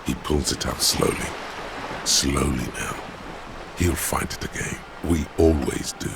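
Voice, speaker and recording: An actor voicing a solemn, ominous narrator in a video game, with slow storytelling, in game audio with background noise. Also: male voice, rumbling low, fairly even intonation. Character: deep gravelly game narrator, grave and ominous.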